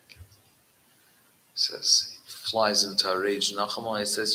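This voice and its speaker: A man speaking as a rabbi at a gathering, telling a story and mixing Yiddish into his English, animated when he quotes. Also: on the low side, a little slow, poor audio.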